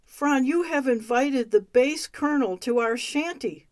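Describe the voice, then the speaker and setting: A woman's voice: sits high, a little slow, a little mellow, no echo. A woman reading a fussing, insistent husband. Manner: persistent, questioning. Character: anxious husband, adult man.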